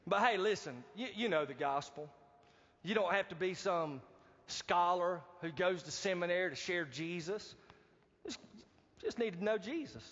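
High-voiced pastor preaching. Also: male voice, normal speed. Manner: animated, calls out to the congregation for responses. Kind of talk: sermon. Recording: dull, reverberant hall recording.

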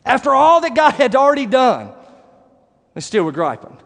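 A man preaching a sermon, animated and acting out the voices of the people he describes. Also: extremely high pitch, normal speed, vocal fry. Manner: animated, acts out quoted voices, rising to shouts. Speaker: pastor. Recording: long hall reverb.

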